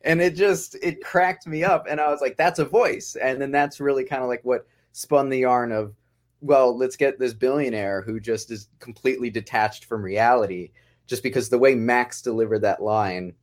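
A man's voice: medium pitch, steady tone, moderate pace. A man who writes and directs a podcast sitcom, talking casually in a rambling way, often breaking off mid-phrase and chuckling.

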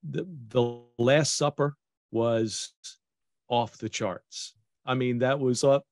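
A man's voice: medium pitch, fairly even intonation, slow, a little mellow, no room sound, studio quality. A male podcast host from Baltimore, earnest and hesitant, full of ums and restarts while chatting with a guest. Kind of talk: casual interview chat.

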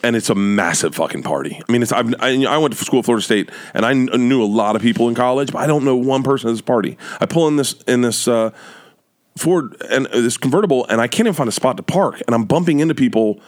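A middle-aged man telling a loud, animated story as a guest on a comedy podcast and acting out the voices in it. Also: medium pitch, fast.

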